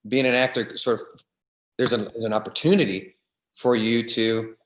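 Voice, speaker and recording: A male actor speaks at an ordinary pitch for a man, sounding thoughtful and halting as he repeats words before he lands on an idea. He talks in a casual way. His voice carries a roomy echo. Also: steady tone, fairly bright tone. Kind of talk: casual conversation between actors.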